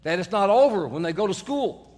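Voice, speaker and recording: A middle-aged man preaches to his congregation, with a light, self-mocking storytelling manner. His voice sits high for a man. A long reverb trails after his words, from a large church sanctuary. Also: expressive, a little fast, darkish tone. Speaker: pastor. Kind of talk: sermon.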